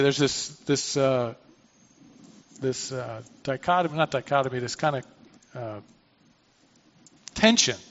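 The audio is dull as a man whose voice runs on the high side preaches. This pastor reads scripture aloud and follows it with a conversational explanation, adding asides and restarting himself.

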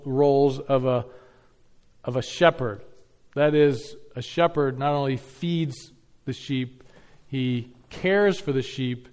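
A man preaching an expository sermon, teaching earnestly, repeating key phrases for emphasis and reading scripture slowly and deliberately. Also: a little high, a little mellow. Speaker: pastor.

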